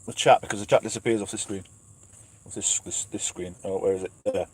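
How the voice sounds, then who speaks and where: An English truck driver who runs a channel livestreams casually from his cab at night, reading viewer questions and names aloud. He's chatty and self-mocking, laughing often, in a lowish, husky voice that's brisk and fairly even.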